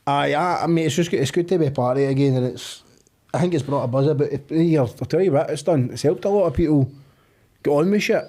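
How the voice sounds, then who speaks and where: A man's voice: on the high side, fast, warm tone. A Scottish man co-hosting a podcast, teasing his friends in casual banter with short jabs. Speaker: podcast co-host.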